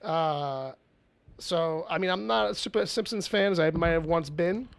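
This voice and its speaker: Guy hosting a podcast, high gravelly voice that jumps all over, swears a lot. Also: normal speed, slight background noise. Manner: profane, joking, reads out news. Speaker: podcast host. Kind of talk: casual chat.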